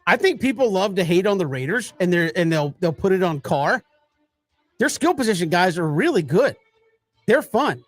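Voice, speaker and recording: High-voiced man in casual sports banter. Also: very animated, moderate pace, no echo, soft background music. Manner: chatty, laughs easily, self-deprecating. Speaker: co-host.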